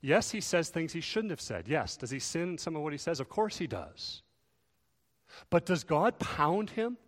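A man preaching to his congregation, fairly high in pitch, earnest and urgent. He pushes his voice up for emphasis and then drops it low. The sound rings with the long reverb of a large hall. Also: sing-song, moderate pace. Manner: earnest, rises and falls in volume for emphasis. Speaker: pastor. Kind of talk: sermon.

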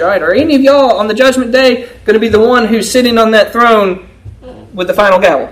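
A man's voice: high voice, brisk, a bit bright, rough recording. A man preaching a sermon to a congregation in a conversational style, often checking in with them by asking "right?". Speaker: pastor.

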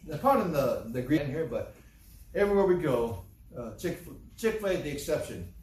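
Animated male preacher in echoey hall. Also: fairly high pitch, normal speed, recorded from a distance. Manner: emphatic, repeats rhetorical questions, quotes scripture aloud. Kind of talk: sermon. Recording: echoey room, voice from off-mic.

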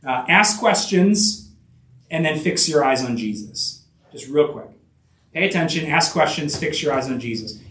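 A man preaching a sermon, halting and full of restarts, asking his listeners rhetorical questions. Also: on the high side, echoey room, distant mic, rough recording. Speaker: pastor.

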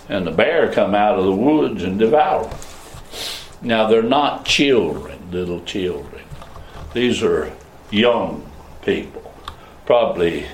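A male pastor preaching a sermon, swinging between loud high calls and low murmurs. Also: a little hiss or hum. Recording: echoey room, voice from a distance.

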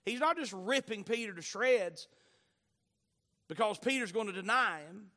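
A man preaching a sermon, reading scripture aloud and swinging between loud, animated bursts and hushed asides. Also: sits high, normal speed.

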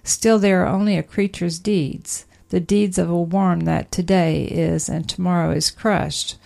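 A woman reading an old sermon aloud in a measured, emphatic preaching manner. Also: lowish voice, steady tone, vocal fry, darkish tone. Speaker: sermon reader.

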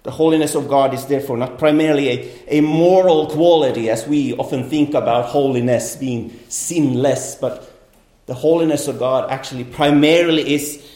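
A man's voice: mid-range voice, normal speed, dark tone. A man preaching a sermon, earnest, often repeating words and restarting phrases as he explains. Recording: echoey room.

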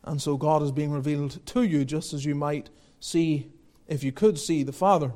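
A man's voice: fairly high pitch, fairly even intonation, normal speed, warm tone. A man preaching a sermon, earnest and building to emphatic exhortations, quoting old scripture wording. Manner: earnest, rising to emphatic exhortation, quotes King James scripture.

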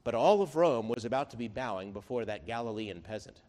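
A man's voice: medium pitch, expressive, fairly quick, darkish tone, faint music behind. A man preaching a sermon as pastor, emphatic, building his points through rhetorical questions.

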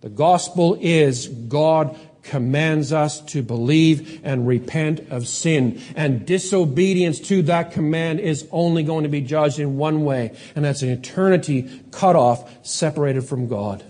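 A man preaching a sermon, asking rhetorical questions and slowing down to stress key words. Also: fairly high pitch, a little mellow. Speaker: pastor.

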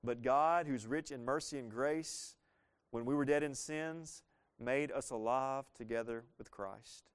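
Earnest pastor preaching with rhetorical questions. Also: male voice, mid-range voice, a little slow, clean tone. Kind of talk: sermon.

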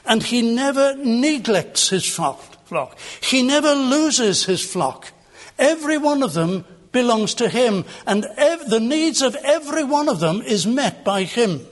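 A man's voice: very high-pitched, very animated, unhurried. An older man preaching a sermon as pastor, earnest and emphatic, building on repeated phrases.

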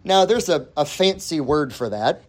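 A man preaching a sermon as pastor, emphatic, repeating key words and swinging between loud and hushed delivery. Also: a little high, animated, moderate pace.

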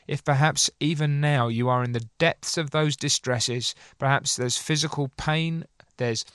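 A man giving an earnest sermon, reading old sermon passages aloud and commenting on them, slowing down to press his points. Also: fairly high pitch, a bit bright, smooth, no room sound, clean studio sound. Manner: earnest, slows for emphasis, pleading. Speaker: preacher.

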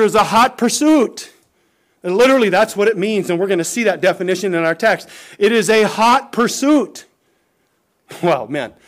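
A middle-aged man preaching a sermon as pastor, emphatic, swinging between raised exhortation and quiet asides. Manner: emphatic preaching, rises and falls in pitch and volume, occasional chuckles.

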